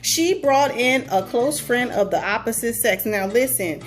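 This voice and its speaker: A woman's voice: fairly high pitch, unhurried, soft background music. A woman hosting her own show, chatting in a sassy, playful way and talking straight to her listeners. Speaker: podcast host. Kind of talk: casual commentary.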